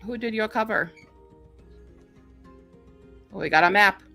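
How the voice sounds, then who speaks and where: A woman's voice: mid-range voice, unhurried, bright, forceful tone, faint music behind. A stuffy-nosed woman hosting a book video, reading blurbs and chatting casually, joking and swearing freely.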